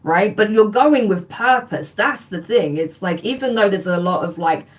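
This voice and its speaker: A woman's voice: mid-range voice, expressive, normal speed. A woman reading tarot on a live stream, gushing and enthusiastic as she talks straight to her viewers. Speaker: tarot reader.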